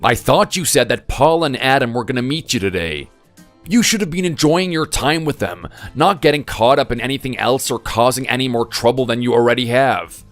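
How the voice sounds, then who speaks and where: A man's voice: mid-range voice, lively intonation, brisk, faint music behind, pitched below the performer's own voice, natural voice. A man voicing an exasperated son-in-law in a voice-acted text story, speaking bluntly and scolding. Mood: angry.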